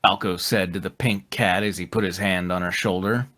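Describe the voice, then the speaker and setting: A man narrating a live comedic fanfic reading in a plain, steady manner. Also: sits low, moderate pace.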